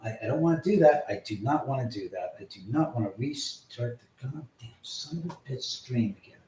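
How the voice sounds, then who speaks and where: A man hosting a live stream, swearing in frustration at technical glitches, swinging from muttering to shouting. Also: mid-range voice, lively intonation, fairly quick, slight background noise. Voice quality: loud profane outbursts, swinging from mutters to shouts. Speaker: livestream host. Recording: roomy echo, mic at a distance.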